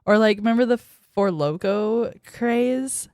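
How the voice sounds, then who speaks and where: Reading messages from her viewers during a casual livestream, a young VTuber giggles, acts bratty, and squeals when teased. She speaks slowly in a slightly high, slightly mellow voice, with a dry, studio-quality recording.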